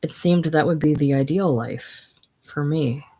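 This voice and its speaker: A reader voicing a weary, cynical man worn down by grief and drink, in a listless monotone, in a casual play reading. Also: medium pitch, measured pace.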